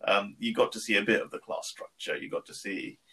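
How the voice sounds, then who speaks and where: A man's voice: on the low side, lively intonation, brisk, pushed and bright. Chatty man discussing a film. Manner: chatty, laughs often, looks things up mid-talk. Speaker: podcast co-host.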